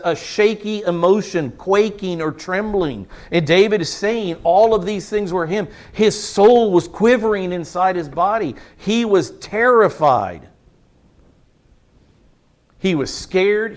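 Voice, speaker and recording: Male pastor, high voice, emphatic sermon delivery, quizzes the congregation. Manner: emphatic, repeats words for stress, asks the congregation questions.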